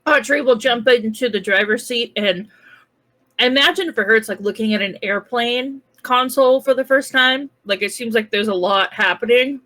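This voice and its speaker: A woman's voice: on the high side, normal speed, sharp tone, rough recording. A woman playing a tabletop role-playing game, chatting casually as she describes her character's actions. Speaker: player.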